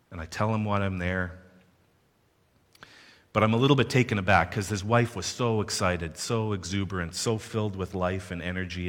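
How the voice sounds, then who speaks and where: Low-voiced male storyteller, playful asides, reverberant hall. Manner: animated, playful asides to the audience. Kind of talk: personal storytelling.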